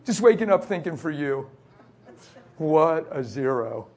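A man's voice: a little high, big pitch swings, measured pace, long pauses, a little mellow. A middle-aged man preaching, telling an emotional personal testimony in a confessional way. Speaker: pastor.

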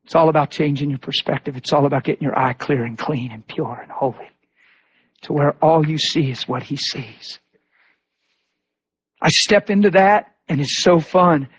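A male preacher with a husky, slightly raised voice gives a sermon, moving through stories and voicing each character. He drops low and quiet for emphasis. The recording sounds dull and lo-fi. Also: normal speed. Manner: animated storytelling with voiced quotes.

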